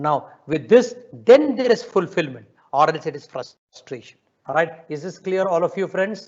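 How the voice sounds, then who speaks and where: High-voiced man teaching. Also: brisk, lo-fi sound. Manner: lively, asks the audience questions, mixes in Tamil. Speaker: spiritual teacher. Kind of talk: spiritual talk to an online audience. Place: ashram.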